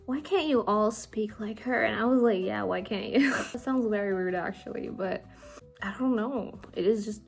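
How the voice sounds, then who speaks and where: Chatty young woman with a mixed accent. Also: mid-range voice. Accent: mixed, partly Indian. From India. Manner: chatty, laughs often. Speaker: vlogger. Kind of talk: casual late-night chat.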